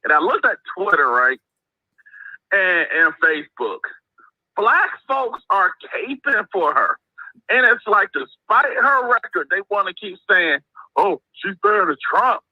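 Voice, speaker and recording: A man's voice: sits high, big pitch swings, measured pace, no echo. A man calling in to a talk show, speaking casually and leaning on "right?" tags. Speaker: caller. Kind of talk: phone-in call. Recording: muffled phone line.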